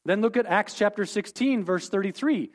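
A man's voice: high voice, moderate pace. A man teaching a Bible lesson, explaining terms and repeating key points, often checking in with "okay?".

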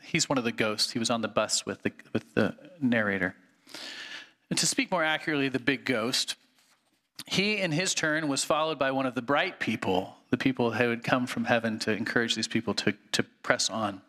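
A man's voice: mid-range voice, normal speed, pushed and bright. A male pastor delivering an earnest, conversational sermon and reading aloud from a book, with frequent fillers.

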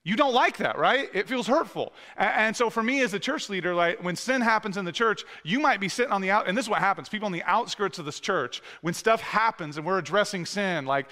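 A man's voice: high-pitched, lively intonation, a little fast, hardly any pauses, sharp tone. A man in his thirties, a pastor preaching a sermon in a casual, conversational way, with many fillers and restarts. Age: 30s. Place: church sanctuary with long reverb. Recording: echoey hall reverb.

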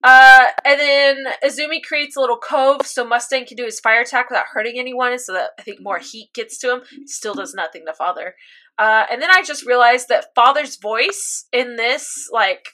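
A woman's voice: a little high, normal speed. A young woman in casual chat, animatedly recapping an anime episode and acting out her own reactions. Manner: animated storytelling, acts out reactions. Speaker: podcast co-host recapping an anime.

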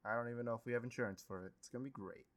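An easygoing young man co-hosting a podcast, chatting casually and laughing often. His voice sits at a middle pitch. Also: steady tone, rapid-fire. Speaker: podcast co-host. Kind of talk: casual chat.

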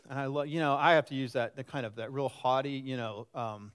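A man's voice: medium pitch, fairly quick, few pauses. A pastor in his sixties gives a conversational sermon and often puts questions to the congregation. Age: 60s. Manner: lively and animated.

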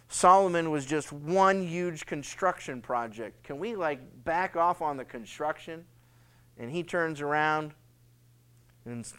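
A man preaching through a Bible passage with a high, clear and smooth voice. He talks conversationally and gets animated, slipping into a pleading father's tone for quotes. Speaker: pastor. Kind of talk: sermon, Bible study.

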